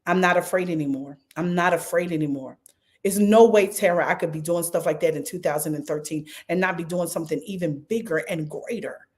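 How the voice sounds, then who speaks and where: A middle-aged woman pastor with a Philadelphia accent, talking to viewers on a livestream in a lively, repetitive way and calling on them by name. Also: on the low side, brisk. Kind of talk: livestream preaching and fundraising talk.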